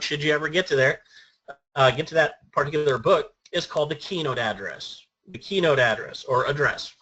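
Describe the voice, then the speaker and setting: A man's voice: medium pitch, pushed and bright, highs cut off. A man giving an instructional talk as a speech trainer, earnest and methodical, laying out his points by number.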